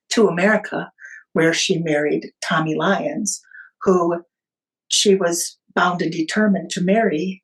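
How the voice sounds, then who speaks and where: A woman guest on a podcast, telling a family story in an unhurried, vivid way. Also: lowish voice, rough recording.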